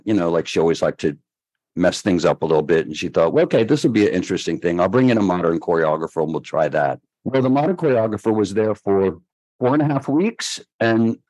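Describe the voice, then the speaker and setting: A man's voice: fairly low pitch, no echo, rough recording. An older man, a choreographer guest, telling stories in a podcast interview and acting out the voices of people he quotes. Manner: lively storyteller who acts out quoted voices.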